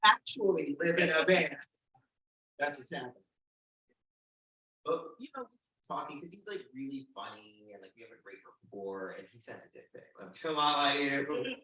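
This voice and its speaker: A man in his forties from the United States, a stand-up comedian telling a profane, animated story at a live storytelling show. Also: mid-range voice, normal speed. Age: 40s. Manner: animated, profane, breaks into laughter. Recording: echoey room, mic at a distance.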